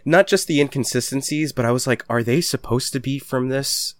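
A man's voice: medium pitch, a little fast, no echo, clean studio sound. A man chatting casually on a podcast, joking and asking leading questions. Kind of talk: casual chat.

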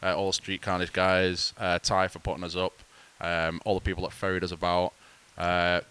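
Deep-voiced man telling a story. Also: monotone, moderate pace, fairly bright tone, smooth. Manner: laid-back storytelling, swearing. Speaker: podcast co-host. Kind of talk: casual chat.

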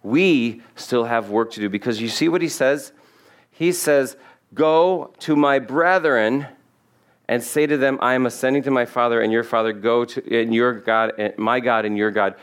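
A man's voice: mid-range voice, normal speed, clean tone. Man preaching a conversational sermon. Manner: conversational, humorous asides. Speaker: pastor. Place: church sanctuary.

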